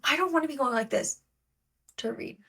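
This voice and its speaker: A woman's voice: high-pitched, brisk, a bit bright. A young woman co-hosting a podcast, telling stories in a casual, chatty way full of fillers. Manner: chatty, lots of fillers, storytelling. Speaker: podcast co-host. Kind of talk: casual chat.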